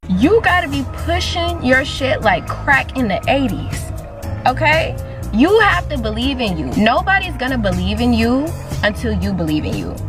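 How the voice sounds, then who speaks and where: A woman giving an urgent, slangy motivational pep talk. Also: mid-range voice. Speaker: motivational speaker. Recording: voice over loud background music.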